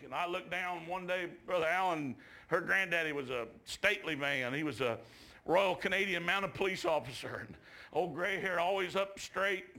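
A gravelly, bright-toned male preacher with a drawl tells a revival story in church. His voice sits a touch high and climbs to shouts at the peaks. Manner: shouts climaxes, drawls folksy asides.

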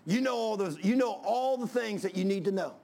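Preacher guy in church, high gravelly voice, repeats himself and hollers. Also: a little fast. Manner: emphatic, repetitive, building to shouts. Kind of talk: sermon. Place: church before a congregation.

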